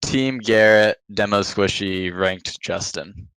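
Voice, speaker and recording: A man on a podcast as the guest, chatting casually and trailing off into quiet mumbles. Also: lowish voice, slow, smooth, no room sound, rough recording. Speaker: podcast guest, pro esports player. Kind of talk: casual chat.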